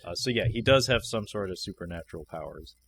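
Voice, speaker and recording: A man co-hosting a podcast, chatting casually about a film in a relaxed, wry way, often laughing. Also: sits low, quick pace, a little hiss or hum. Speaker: podcast co-host. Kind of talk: casual film review chat.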